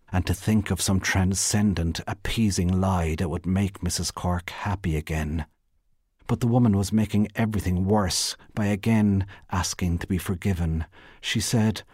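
A man reads a literary short story aloud, measured and even. His voice sits very low with a husky grain, recorded close in a dry space. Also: dry recording. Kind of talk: literary reading.

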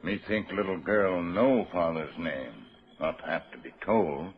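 A slow, low-voiced frontier companion, stoic and loyal, speaking in terse, clipped broken phrases. It is 1940s radio acting, heard through a dull old broadcast recording. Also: male voice, expressive.

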